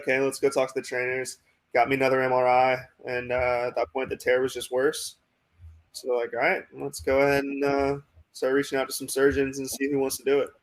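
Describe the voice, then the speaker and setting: A young man with an American accent, a minor league pitcher telling a long story in a casual interview, full of "like" and "um". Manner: rambling, many fillers like "like" and "um".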